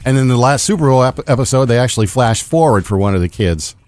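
A man co-hosting a morning radio show, earnest and a bit rambling as he tells stories and pitches shows. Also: expressive, fast talker, a little mellow. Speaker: morning radio co-host, food segment.

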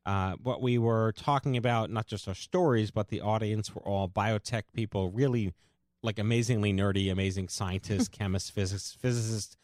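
A man's voice: on the low side, steady tone, normal speed, darkish tone, no echo, studio quality. A man hosting a podcast, chatty and joking, sometimes tripping over his words. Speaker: podcast host. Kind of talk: casual chat.

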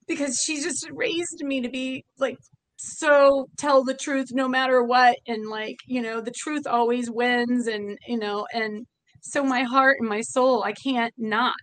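A bar owner with a voice on the high side speaks a little slowly and with fairly even intonation. In an emotional interview she talks earnestly and from the heart, frequently restarting her sentences.

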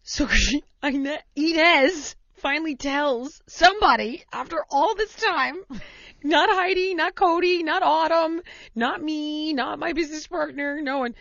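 Chatty woman host rambling thru a story, kinda high voice, lots of likes, muffled lo-fi audio. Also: a little slow, vocal fry, a bit bright, dry recording. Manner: rambling, full of "like" and "you know", laughs through the story. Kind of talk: casual storytelling chat.

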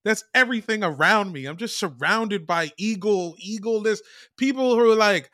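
A man's voice: high-pitched, moderate pace, bright, forceful tone, no room sound, studio quality. A man co-hosting a sports podcast, joking about fans. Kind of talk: casual chat.

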